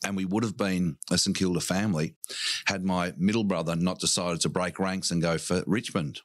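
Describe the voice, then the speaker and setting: Brief: deep-voiced Australian male co-host, dry wit, dry studio mic. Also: fairly even intonation, moderate pace, no room sound. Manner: dry, storytelling banter. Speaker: radio co-host. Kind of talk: comedic radio chat.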